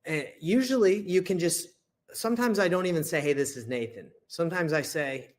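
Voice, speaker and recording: A young man casually teaching how to run sales calls, talking loosely with lots of restarts and quick check-ins. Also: a little high. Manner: loose and chatty, lots of restarts and "right?" tags. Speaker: real estate wholesaling coach. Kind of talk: casual teaching with role-played call examples.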